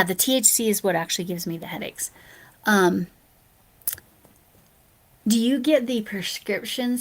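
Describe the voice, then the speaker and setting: A sleepy woman talks casually through a late-night livestream, reading out viewer comments and answering them. Her voice has a gravelly, fried edge, and she often slips into a soft near-whisper. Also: medium pitch. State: sleepy, yawning. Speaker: live streamer.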